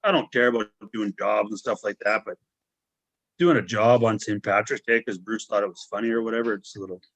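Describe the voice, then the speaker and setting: A man guesting on a podcast, telling lively stories in casual chat. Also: on the low side, brisk, no echo, rough recording. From Canada. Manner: animated storyteller, acts out shouts.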